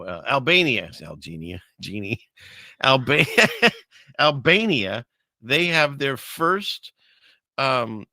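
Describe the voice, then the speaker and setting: A man hosting casual commentary on video clips, rambling and chuckling through his asides, with a gravelly voice. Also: mid-range voice, pushed and bright, no echo, clean studio sound. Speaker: host.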